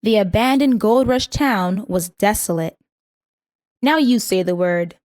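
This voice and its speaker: A woman with a mid-range voice reads vocabulary definitions in a calm, measured way. She says each word twice so learners can repeat it. The recording is dry and close, with no room sound. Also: medium pitch, dry recording. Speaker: vocabulary instructor. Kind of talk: scripted vocabulary lesson.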